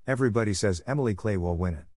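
A man reading the lines of a bright, ambitious teenage girl in an audiobook, in his own low voice. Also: racing, no echo, clean studio sound, natural voice. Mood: earnest.

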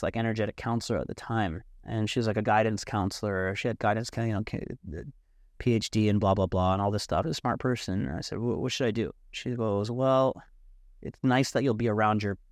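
Animated man telling a story, dry sound. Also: fairly low pitch, no echo. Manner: animated, swears freely, acts out quotes. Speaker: podcast guest. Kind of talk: casual storytelling.

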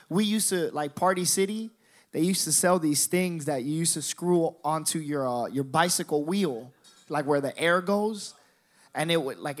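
High-voiced young man telling a wild story. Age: 20s. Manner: animated, profane, addresses the crowd directly. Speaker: stand-up comedian. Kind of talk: stand-up storytelling.

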